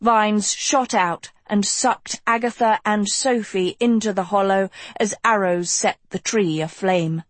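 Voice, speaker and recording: Female storybook narrator, measured and unhurried, close studio mic. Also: medium pitch, fairly even intonation, dry recording. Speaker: audiobook narrator.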